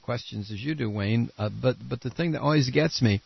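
A man's voice: mid-range voice, brisk, creaky, slightly rough, no echo. A man hosting a political talk radio show, blunt and combative, rambling with restarts, congested and coughing at the microphone. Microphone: studio microphone. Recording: dull lo-fi radio broadcast.

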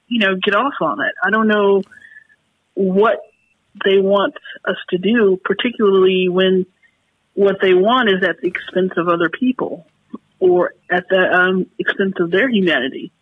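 A woman calling in to a talk radio show, talking in halting, emotional, frustrated bursts with many restarts. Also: mid-range voice, slightly rough. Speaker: caller. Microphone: telephone. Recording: tinny phone line.

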